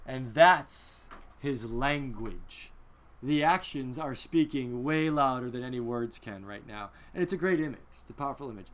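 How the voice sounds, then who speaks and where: Bright-voiced man teaching with rhetorical questions. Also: mid-range voice, expressive, normal speed. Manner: asks the listeners many rhetorical questions; emphatic, conversational. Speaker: teacher leading a film discussion. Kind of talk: lively teaching talk.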